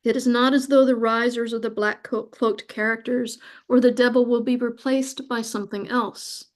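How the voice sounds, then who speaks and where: A woman guest reading a spiritual account aloud in a slow, soft, reverent way, moved nearly to tears. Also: a little high, steady tone. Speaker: guest speaker.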